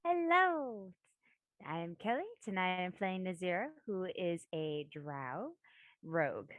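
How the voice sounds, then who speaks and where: A woman's voice: lowish voice, lively intonation, takes it slowly, fairly bright tone, no echo. A woman player introducing her character, scattered and laughing at herself. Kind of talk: casual self-introduction.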